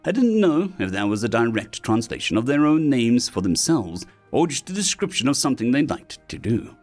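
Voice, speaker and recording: A man's voice: mid-range voice, very animated, normal speed, a little mellow, faint music behind. A man reading sci-fi short stories aloud as scripted narration.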